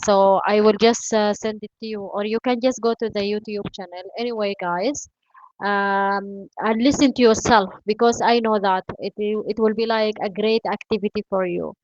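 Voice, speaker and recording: A woman whose first language is not English, teaching an online English class by video call, encouraging and filling pauses with "you know" and "uh". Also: mid-range voice, no room sound. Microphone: video call mic. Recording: dull lo-fi video call audio.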